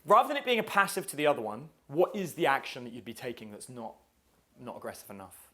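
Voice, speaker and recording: A man's voice: medium pitch, expressive, fast talker, sharp tone. A man teaching a live dating seminar in a casual, swearing style, quizzing his audience. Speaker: dating coach.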